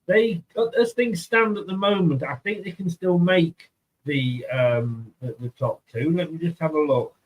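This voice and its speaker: A man's voice: a little high, unhurried, rough recording. Rambling easygoing Australian man. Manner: rambling, easygoing, many fillers. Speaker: host. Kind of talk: casual fan chat.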